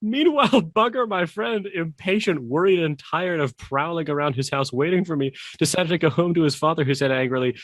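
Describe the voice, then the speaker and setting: A man's voice: a little high, lively intonation, fairly quick, hardly any pauses, fairly bright tone, dry recording. A man in a casual book-discussion podcast, laughing often and reading passages aloud between fillers.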